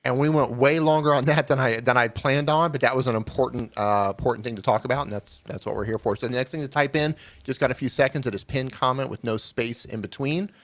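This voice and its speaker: A man co-hosting a live stream, casual and upbeat, running a giveaway with quick reactions. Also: mid-range voice, fairly even intonation. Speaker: co-host of a channel review live stream.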